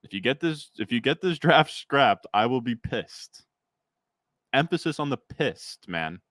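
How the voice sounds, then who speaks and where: A man's voice: mid-range voice, sing-song, moderate pace, a bit bright, no echo. A young man streaming a fantasy football draft, chatting casually with his chat and rambling through fillers.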